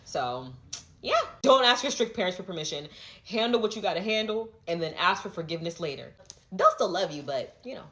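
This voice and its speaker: Young woman, storytime vlogger, lively swinging pitch, chatty filler-heavy delivery. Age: young adult. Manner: animated, fast-flowing, heavy filler 'like'. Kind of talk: storytime vlog.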